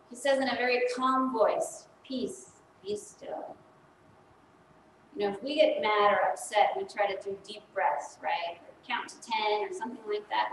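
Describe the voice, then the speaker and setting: A woman's voice: mid-range voice, far from the mic, slight background noise. Chatty woman priest in an echoey church. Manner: chatty, asks the congregation questions. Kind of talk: children's sermon. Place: church sanctuary.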